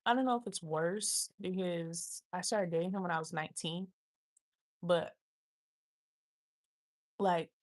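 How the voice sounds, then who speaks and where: A woman in her twenties casually telling a rambling, slangy story to her livestream viewers, acting out what others said and sometimes dropping into a whisper. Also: on the low side. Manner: rambling, slangy, reenacts others' lines with quick asides; drops into whispers when swearing. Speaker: livestream host.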